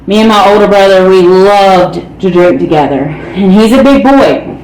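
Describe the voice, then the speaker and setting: A woman's voice: medium pitch, normal speed, darkish tone. A woman giving a candid, blunt recovery testimony as a speaker, peppering her talk with "man" and "you know.". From North Carolina, United States. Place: meeting hall. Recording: echoey room with faint ambient noise.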